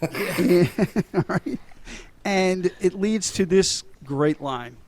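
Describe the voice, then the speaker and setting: A man's voice: high-pitched, drawn-out words, a little mellow. A middle-aged man co-hosting a podcast, retelling movie scenes in a casual, laughing way with frequent swearing. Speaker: podcast co-host. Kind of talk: casual movie-recap chat.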